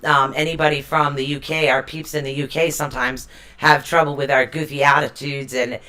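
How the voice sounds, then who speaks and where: A woman's voice: low voice, little pitch movement, fairly quick, bright, forceful tone. A woman with a Boston accent hosting a casual live stream chat, rambling and chatty, stuffy with allergies.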